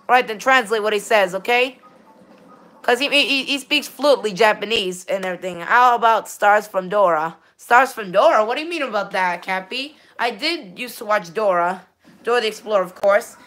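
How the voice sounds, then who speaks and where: A woman's voice: mid-range voice, a bit bright. A woman chatting casually with viewers while streaming a game, often stammering, restarting and saying "all right, then". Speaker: gaming livestreamer. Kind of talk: casual livestream chat with viewers.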